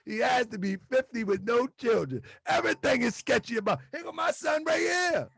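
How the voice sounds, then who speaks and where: Lively high-voiced gravelly man, joking. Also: normal speed, no echo, clean studio sound. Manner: animated, jokey, talks in short repeated phrases and laughs often. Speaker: religious community leader hosting a live stream. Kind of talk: casual talk to viewers.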